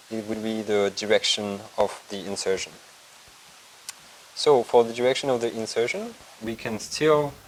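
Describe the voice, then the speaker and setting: The audio is poor: a man who teaches acupuncture, French being his first language, walks through technique in a methodical, calm clinical demonstration. His somewhat low voice sits over a faint ambient room hum, and he pauses at times to find the right words.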